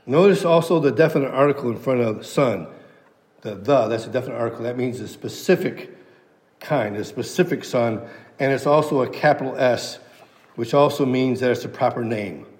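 A man's voice: mid-range voice, moderate pace, darkish tone, long reverb tail. A man preaching an expository sermon who teaches verse by verse and stresses key phrases through repetition. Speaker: pastor.

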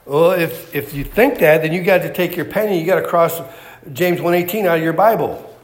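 A man's voice: fairly high pitch, fairly quick. A man preaching a sermon, emphatic and repetitive, firing off rhetorical questions.

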